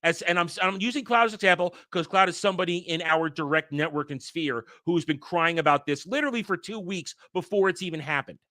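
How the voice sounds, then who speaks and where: A man's voice: sits high, fast talker, hardly any pauses, sharp tone, dry recording, clean studio sound. A man hosting a daily entertainment news show, reading headlines and giving blunt, profane, irritated takes. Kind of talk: casual ranting commentary on headlines.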